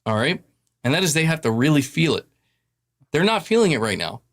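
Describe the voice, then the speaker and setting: A man's voice: on the high side, big pitch swings, brisk. A man in a played clip giving opinionated gaming commentary, earnest and emphatic, lecturing his viewers.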